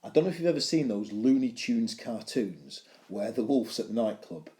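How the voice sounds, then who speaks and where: A man's voice: medium pitch, animated, normal speed, mellow, echoey room. A male teacher giving a video lesson on poetry analysis, explaining with playful, self-mocking humour.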